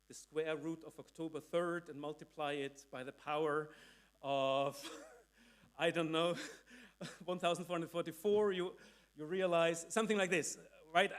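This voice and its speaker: A man's voice: on the high side, fairly bright tone. A man giving a sermon, recounting a speech in a conversational way, full of restarts and tag questions. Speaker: preacher. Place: church hall.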